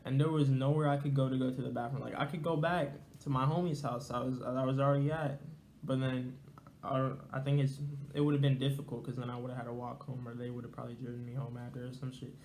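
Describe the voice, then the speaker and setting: Give me a young man telling a casual story, with a soft hum behind him. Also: medium pitch, flat delivery, fast talker, echoey room. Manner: slangy, rambling, conversational. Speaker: storyteller vlogger.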